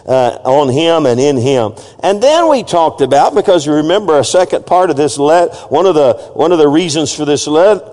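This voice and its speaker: A pastor delivering an emphatic sermon, often calling on the congregation to repeat phrases after him. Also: male voice, a little high, darkish tone. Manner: call-and-response, urging the congregation to repeat phrases; emphatic preaching with frequent asides and restarts. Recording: long reverb of a church hall.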